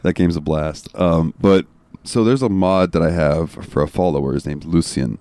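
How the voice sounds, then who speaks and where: Deep-voiced male host, relaxed rambling chat, dry close sound. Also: moderate pace, dry recording. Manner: relaxed, rambling with fillers and swearing. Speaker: podcast host. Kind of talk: casual chat.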